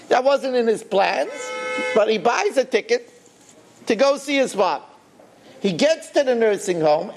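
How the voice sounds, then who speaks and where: A rabbi telling a story in a sermon, with an animated, emphatic delivery and swooping pitch. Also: male voice, gravelly, slight background noise.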